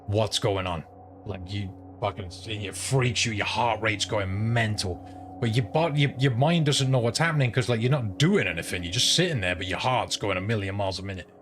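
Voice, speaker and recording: A streamer talks in a low, rambling voice, swearing freely as he tells a story between game moments. A clear bed of background noise runs under his home streaming mic. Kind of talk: casual chat while gaming.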